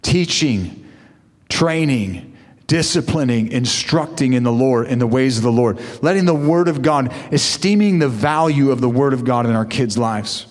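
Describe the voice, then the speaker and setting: A man's voice: medium pitch, expressive, moderate pace. Preaching man in a reverberant hall. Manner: preaching with call-and-response asides. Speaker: pastor. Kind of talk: sermon.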